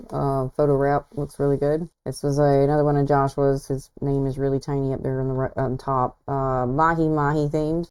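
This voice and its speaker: A woman's voice: sits low, dark tone, clean tone, rough recording. A woman hosting a casual livestream, chatting in an admiring, self-deprecating way as she walks through viewers' work. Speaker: host.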